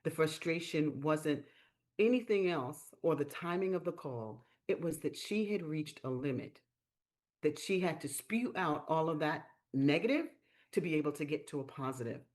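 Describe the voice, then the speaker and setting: A woman hosting a live-stream business training, telling stories in a lively way and acting out the quotes. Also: sits low, normal speed. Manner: lively storyteller, acts out quotes. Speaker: sales training host.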